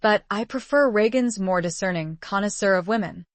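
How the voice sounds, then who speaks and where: A woman's voice: mid-range voice, normal speed, no echo, close to an everyday voice. A woman reading the lines of a teasing aristocratic male pirate captain, with a drawling, mocking manner.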